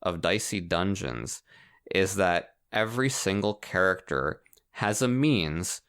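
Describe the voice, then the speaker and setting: Low-voiced man chatting about games. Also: clear, resonant tone. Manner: animated, laughs often, fast asides. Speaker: podcast co-host. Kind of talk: casual chat about video games.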